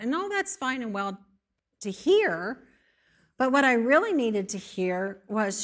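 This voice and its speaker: Woman preaching a sermon, kinda high voice, emphatic, keeps repeating stuff in lists. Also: big pitch swings, slow pace. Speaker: speaker in a church setting.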